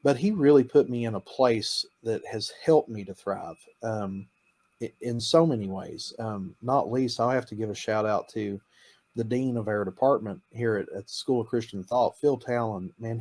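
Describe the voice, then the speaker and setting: A man with a somewhat low voice talks about his ministry work in a casual interview. He is enthusiastic and upbeat, laughing often and slipping into the voices of the students he describes. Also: moderate pace, darkish tone. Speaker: campus missionary.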